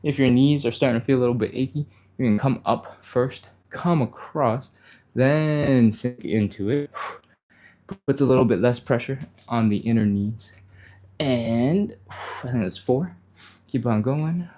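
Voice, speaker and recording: A man's voice: medium pitch, a little slow, mellow. A man leading a live follow-along stretching class, talking casually while he exercises and getting a little out of breath. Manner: talks while exercising, breathy exertion sounds and sighs; encouraging, casual, reads viewer comments aloud. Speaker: stretching instructor.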